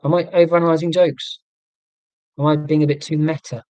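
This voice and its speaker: A man's voice: on the high side, little pitch movement, fairly quick, a little mellow, dry recording. A man chatting casually and reading out viewer comments, rambling and wry about himself. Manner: rambling, self-deprecating, wry. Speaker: YouTuber answering viewer comments. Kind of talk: casual rambling live chat.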